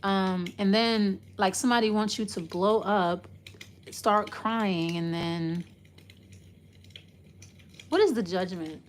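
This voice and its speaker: A woman's voice: mid-range voice, steady tone, slow pace, pauses often, slight background noise. A woman giving a casual, loose tarot reading, rambling and trailing off as she talks it through. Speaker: tarot reader.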